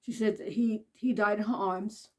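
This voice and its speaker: A woman's voice: fairly even intonation, moderate pace. Chatty woman telling a personal story. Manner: conversational, jumps into high voices when quoting; drops soft and quiet at sad moments. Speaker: vlogger.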